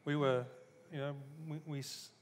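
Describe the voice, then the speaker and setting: A man's voice: fairly high pitch, level tone, moderate pace, in a large hall. A man with a New Zealand accent answers thoughtfully and hesitantly on a panel. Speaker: author on a panel. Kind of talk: panel discussion. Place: museum hall.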